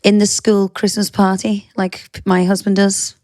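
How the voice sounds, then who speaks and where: A woman with a Scouse accent hosting a casual interview, jumping in with quick questions. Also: mid-range voice, little pitch movement, darkish tone. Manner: chatty, jumps in with quick questions. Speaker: host.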